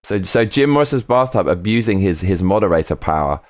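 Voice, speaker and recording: Rambling low-voiced male streamer. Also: expressive, a little fast, dry recording. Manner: rambling and chatty, swears freely; reads viewer comments aloud. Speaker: live streamer reading chat. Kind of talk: casual live-stream chat.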